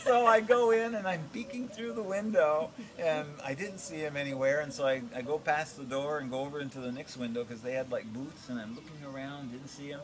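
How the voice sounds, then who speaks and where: An older man from Vermont telling a childhood story to family, chuckling and animated as he goes. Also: a little high, fairly quick, hardly any pauses. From Vermont, USA. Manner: chuckling, animated, laughs through his lines.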